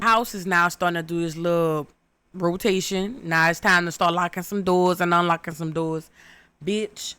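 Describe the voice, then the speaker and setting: A young woman recapping a horror movie in loud, brash, profane comedic storytelling. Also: lowish voice, no echo.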